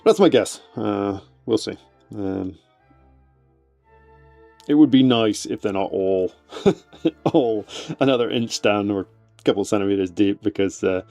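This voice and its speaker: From his home shed workshop, a man explains fossil preparation on a live stream in a fairly low, creaky, slightly mellow voice. He rambles casually with lots of fillers, and his voice fades whenever he steps away from the desk mic.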